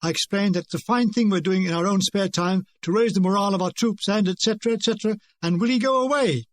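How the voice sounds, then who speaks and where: An older man narrates his war memoir in a fairly high voice, dry and wry, landing each joke deadpan. The sound is close and dry, with no room around it. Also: quick pace, no echo. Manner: dry, wry comic delivery. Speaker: author reading his own memoir. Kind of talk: audiobook narration.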